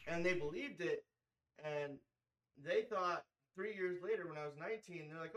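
A man's voice: on the high side, normal speed, a bit bright, low-quality recording. A young man in casual podcast chat, laughing and adding his own memories. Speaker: podcast co-host.

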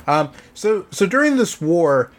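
A man's voice: high-pitched, big pitch swings, measured pace. A man co-hosting a podcast, explaining history in a casual, hesitant way, full of ums and "sort of". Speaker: podcast co-host presenting history.

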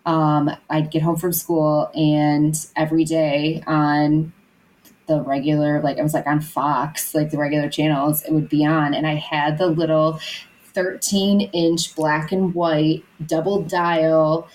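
A woman's voice: sits low, flat delivery, unhurried, a little mellow, slight background noise, rough recording. A young woman co-hosting a podcast, chatting casually and rambling with lots of filler words and restarts. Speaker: podcast co-host. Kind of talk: casual chat.

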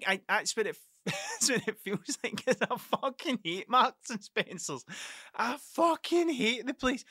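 Scottish man, podcast host, casual rambling monologue, constant swearing, bright forceful voice, dry close sound. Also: high voice, no echo. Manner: rambling, heavily profane, self-interrupting.

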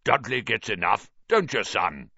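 A man's voice: lowish voice, sing-song, measured pace, creaky, bright, forceful tone, breathy edge, no room sound, dull audio, exaggerated voice. A man voicing a blustering, bad-tempered middle-aged uncle who roars and bellows. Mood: hearty. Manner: roaring, bellowing.

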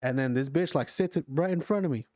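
Young guy, casual chat, loose profane storytelling, dry room, mid pitch. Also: a little fast, darkish tone, no echo. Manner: rambling, profane, filler-heavy storytelling. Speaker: storyteller among friends.

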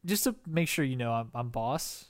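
A young man co-hosting a relaxed podcast chat. He rambles and hesitates, restarting phrases as he makes things up on the spot. His voice sits at an ordinary mid pitch. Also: normal speed. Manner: rambling, hesitant, restarts often while improvising. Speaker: podcast co-host. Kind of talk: casual chat.

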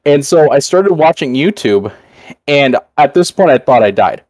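A young man spins a long tale on a podcast, mid-pitched and recorded close and dry. He rambles casually, swears freely and keeps filling pauses with "uh" and "like". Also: expressive, a little mellow, no echo. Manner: rambling and profane, full of fillers. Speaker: podcast host. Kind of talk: casual storytelling chat.

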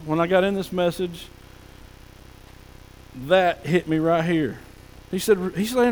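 A male pastor preaching a folksy sermon, sometimes dropping to a soft hush. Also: high-pitched, measured pace, long pauses, big-room sound, low-quality recording. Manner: folksy preaching, drops to soft hushed tones for God's whispers. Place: church sanctuary.

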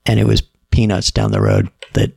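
A middle-aged man, a podcast guest, telling stories in a relaxed, casual way and quoting other people's lines. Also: lowish voice, normal speed, vocal fry, breathy edge, no room sound, studio quality. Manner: laid-back storyteller, quotes others in dialogue. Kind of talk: casual storytelling.

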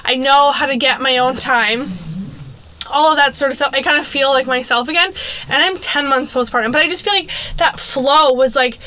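A woman's voice: high-pitched, normal speed, pushed and bright. A young woman co-hosting a podcast, talking candidly and laughing, often restarting her sentences. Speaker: podcast co-host. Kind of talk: casual chat.

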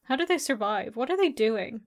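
A woman's voice: fairly high pitch, expressive, fairly quick. A woman who is a podcast guest in a casual chat, with dry, blunt humour.

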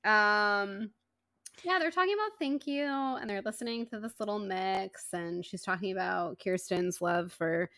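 A woman's voice: medium pitch, unhurried, fairly bright tone, no room sound, clean studio sound. A woman, co-hosting a book podcast in casual chat, laughing often. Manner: chatty, laughs often, says "y'all". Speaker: podcast co-host.

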